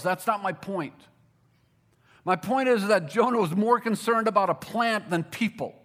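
High-voiced male preacher. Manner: preaching with emphatic repetition, drops to quiet intensity. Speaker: pastor. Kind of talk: sermon.

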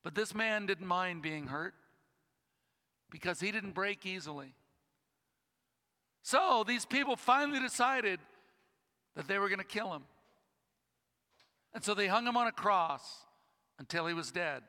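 A man preaches with a high, bright voice, slowing into dramatic pauses as he tells a story. His words ring out with a long reverb in a church hall. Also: animated. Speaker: pastor. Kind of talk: sermon.

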